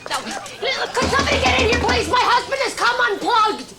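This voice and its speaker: A woman's voice: very high voice, animated, normal speed, over a noisy crowd, very noisy, pitched above the performer's own voice. A woman playing a panicky, complaining older Jewish wife at a hospital bedside in a comedy sketch. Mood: frantic. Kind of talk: sitcom sketch with studio audience.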